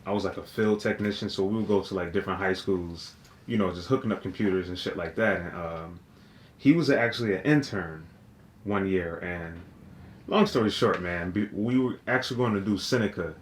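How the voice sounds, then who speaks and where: A man with a lowish voice tells a story at an easy, slangy pace and laughs as he goes. He is a podcast co-host in casual chat. The room is roomy and echoey, with a faint hum of noise behind him. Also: brisk. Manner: laid-back storyteller, slangy, laughs often.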